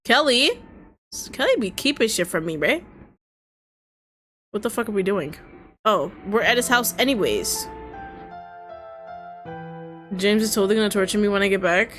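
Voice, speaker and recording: A woman's voice: mid-range voice, expressive, moderate pace, long pauses, faint music behind. A woman streaming visual novels, reacting with frequent laughter and swearing and reading the game's lines aloud. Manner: laughs often, swears freely, reacts loudly. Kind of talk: casual gameplay commentary, reading dialogue aloud.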